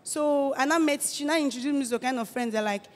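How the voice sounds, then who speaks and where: An eighteen-year-old woman with a Nigerian accent gives a halting personal testimony, often restarting her phrases. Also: high voice, big-room sound. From Delta State, Nigeria. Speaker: testifying church guest.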